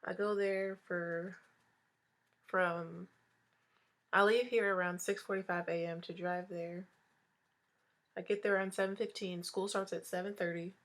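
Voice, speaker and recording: A young woman in her twenties talks through a casual makeup tutorial at home in the early morning. Her voice sits a little low and sounds congested. She chats in an upbeat, talkative way. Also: steady tone, unhurried, long pauses, fairly bright tone. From Hawaii. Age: 20s. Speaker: beauty vlogger.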